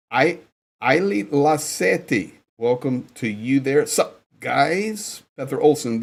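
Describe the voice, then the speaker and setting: A man hosting a casual livestream from Ukraine, reading out viewer names and greeting them one by one. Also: mid-range voice. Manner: upbeat, reads out viewer names and shout-outs. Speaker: livestream host. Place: indoors in Ukraine.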